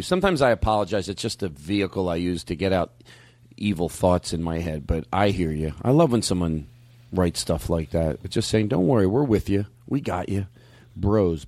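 A man's voice: deep voice, moderate pace, mellow, dry recording. A man hosting a podcast in casual chat, rambling and cursing as he cuts himself off mid-sentence. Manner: rambling, profane, self-interrupting. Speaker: podcast host.

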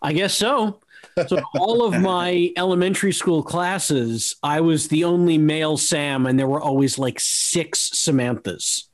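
A man in his forties chats as a guest on a podcast. He tells his stories in an easygoing way and laughs often. His voice is a touch high for a man. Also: a little slow. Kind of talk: casual chat.

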